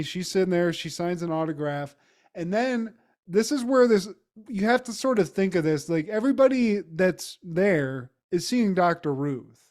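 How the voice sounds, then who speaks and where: A man's voice: high-pitched, darkish tone. A man co-hosting a podcast, recapping an episode in a loose, profane, rambling way with lots of fillers. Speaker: podcast co-host. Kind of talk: casual recap chat.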